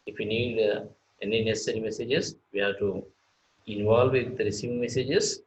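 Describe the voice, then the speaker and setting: A man giving a recorded slideshow lecture, halting, with many fillers and restarts. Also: lowish voice, steady tone, a little hiss or hum, rough recording.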